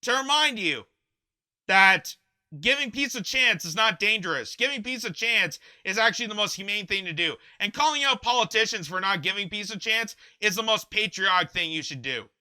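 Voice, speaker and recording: Twenty-something guy ranting angrily about politics, sharp high voice. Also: lively intonation, moderate pace, clear, resonant tone. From Canada. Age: 20s. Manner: angry, heated, ranting. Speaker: host. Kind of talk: political commentary rant. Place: home basement.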